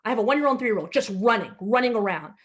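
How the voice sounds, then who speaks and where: Speaking rapid-fire in a slightly high, animated voice, this woman tells meandering stories between acts as host of a video-call comedy show. She was born in Egypt, and her storytelling is packed with fillers and false starts.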